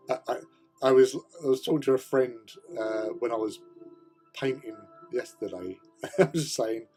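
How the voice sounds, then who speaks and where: A man's voice: medium pitch, takes it slowly, long pauses, dark tone, faint music behind. A man hosting a casual hobby livestream, chatting while he paints miniatures, joking and laughing often as he greets viewers. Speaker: livestream host.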